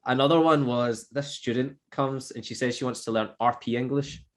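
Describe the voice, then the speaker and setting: A man with a mid-pitched voice tells stories in a casual chat. He is an online English teacher, animated and laughing as he acts out what people said. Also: normal speed. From Scotland.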